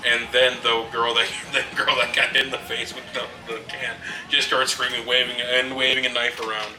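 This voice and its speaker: A man's voice: mid-range voice, flat delivery, normal speed. A man co-hosting a casual movie review, retelling scenes and chuckling often. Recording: roomy and distant, with music behind.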